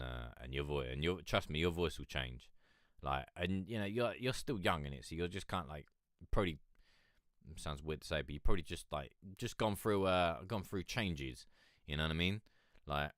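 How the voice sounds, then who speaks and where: A man's voice: low-pitched, fairly bright tone, no echo, studio quality. A young man with a cold, hosting a music review stream in rambling, profane, chummy casual chat. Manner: rambling, profane, chummy, calls listener mate. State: has a cold. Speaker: music review show host. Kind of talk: casual chat reacting to submitted tracks.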